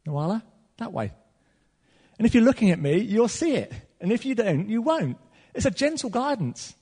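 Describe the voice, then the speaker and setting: Man, preacher, sermon, husky, long hall reverb. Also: extremely high pitch, a little fast. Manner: animated preaching, swinging from loud to soft.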